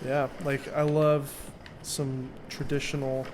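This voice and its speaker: A man's voice: mid-range voice, monotone, slow pace. A young man chatting casually as an interview guest while playing a game, rambling and joking. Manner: laughing, rambling, jokey. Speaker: interview guest, magician and video maker. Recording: faint background noise.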